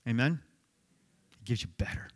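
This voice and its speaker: A middle-aged man preaching a sermon, telling stories in an animated, conversational way. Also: mid-range voice, normal speed, slightly rough. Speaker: pastor.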